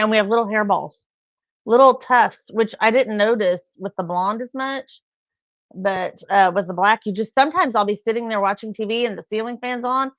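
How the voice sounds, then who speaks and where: A middle-aged woman chats on a live stream, rambling from one anecdote to the next. Her voice carries a gravelly fry. The sound is dry and a little dull, with no room around it. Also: medium pitch, no echo. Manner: chatty, rambling, acts out quotes with laughs. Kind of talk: casual live-stream chat.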